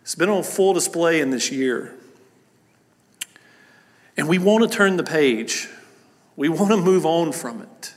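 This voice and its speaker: A man's voice: on the high side, lively intonation, unhurried, long pauses. A man preaching as a pastor at a church service, starting with a prayer and then talking in an earnest, conversational way, with many fillers and restarts. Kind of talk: sermon with opening prayer. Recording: long church hall reverb.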